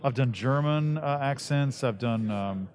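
A man's voice: mid-range voice, a little slow. A man with a radio-ish voice, a voice actor guest chatting casually in an interview and acting out the people he quotes. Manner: animated storyteller, acts out quotes.

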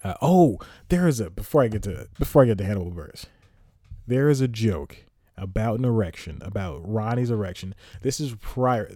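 A man's voice: fairly low pitch, dark tone, no room sound, clean studio sound. A man hosting a podcast, giving a rambling solo movie review full of sighs, asides and exasperation. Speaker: podcast host. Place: home, recording at night.

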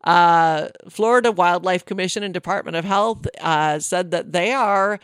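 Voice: mid-range voice, moderate pace, fairly bright tone, smooth, dry recording, studio quality. Chatty co-host reading odd news. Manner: chatty, amused, many fillers and restarts. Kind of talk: casual podcast chat.

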